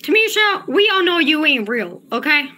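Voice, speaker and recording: A woman's voice: high-pitched, sing-song, moderate pace, bright, forceful tone. A woman livestreaming and talking to her chat, agitated and profane, often repeating herself. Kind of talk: casual livestream chat, reading chat.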